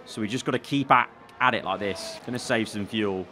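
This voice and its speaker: A young man commentating live as he plays a racing management game, excitable and talking to himself. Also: on the low side, brisk, a little hiss or hum. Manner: excitable, talks to himself while managing the race. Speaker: gaming YouTuber.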